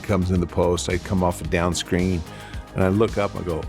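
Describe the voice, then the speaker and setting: A former pro basketball player recounting a game in a relaxed, casual way. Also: male voice, low-pitched, fairly quick, vocal fry, over music. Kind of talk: casual storytelling.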